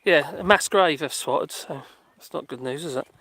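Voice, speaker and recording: A man's voice: a little high, normal speed, fairly bright tone, no room sound. A man chatting casually and rambling through a live stream on a dog walk, reading out viewer comments and talking to his dogs. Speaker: vlogger reading live chat.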